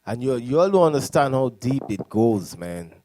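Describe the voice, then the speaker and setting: A man speaking as a deacon on a preaching panel, animated and storytelling, with laughs and voice impressions. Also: mid-range voice, normal speed.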